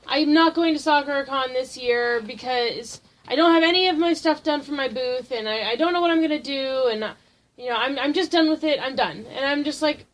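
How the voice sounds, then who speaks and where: A woman co-hosting a podcast, telling an animated, swearing story in casual chat. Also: high voice, moderate pace. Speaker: podcast co-host.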